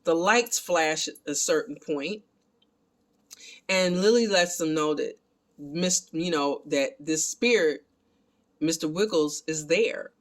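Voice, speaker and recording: A man giving a casual, animated recap of a film and talking to his viewers as family. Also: on the high side, takes it slowly. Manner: animated, excitable retelling. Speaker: film reviewer.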